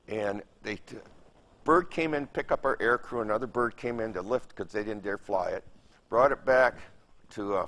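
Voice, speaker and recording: A man's voice: fairly low pitch, a bit bright. A man in his seventies from Michigan, recalling his experiences as a veteran in an oral history interview, telling it vividly with repeated phrases and sound effects. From Michigan, United States. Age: 70s. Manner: vivid, emphatic storytelling with repetition and sound effects.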